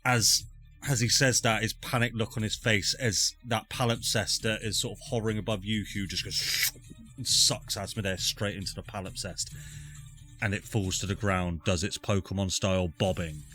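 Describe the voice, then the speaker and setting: A man's voice: on the low side, fairly even intonation, normal speed, sharp tone, faint music behind. A man narrating as dungeon master, with dramatic descriptions and free swearing. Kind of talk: narrating a tabletop game.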